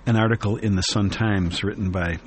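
A man hosting a radio talk show, reading a newspaper column aloud in an earnest, reflective way with many pauses and fillers. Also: lowish voice, steady tone, a little hiss or hum.

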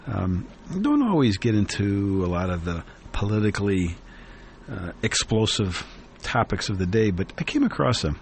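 A man hosting a radio talk show, reading a newspaper column aloud in an earnest, reflective way with many pauses and fillers. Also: lowish voice, sing-song, slight background noise.

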